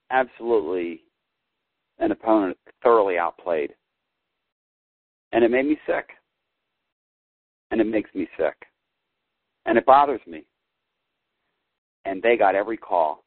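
A man hosts a call-in sports talk show and rants to his listeners, dropping to a mutter and then flaring up loud. His voice comes through thin and tinny like a phone line. The sound is dry, with no room around it. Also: on the low side, no echo. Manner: fired-up, ranting, swings between muttering and loud.

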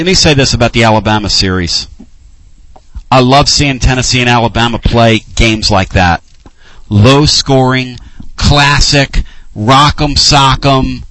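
A man's voice: medium pitch, a little slow, fairly bright tone, no echo. A middle-aged man hosting sports talk radio, passionate and emotional. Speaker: radio host.

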